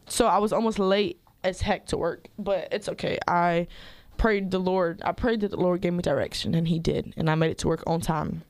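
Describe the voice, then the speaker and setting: A woman's voice: lowish voice, a little fast, dry recording. A young woman hosting a casual podcast, telling stories in a playful, sassy way. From United States. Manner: playful, sassy, animated storytelling. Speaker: podcast host. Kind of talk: casual chat among friends.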